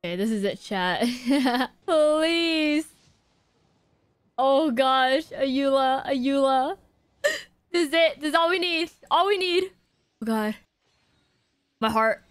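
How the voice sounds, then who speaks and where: A young woman streaming her game pulls, excitable, gasping and shrieking as she reacts to her chat. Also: sits high, takes it slowly, long pauses, no echo. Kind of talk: live-stream gacha reactions.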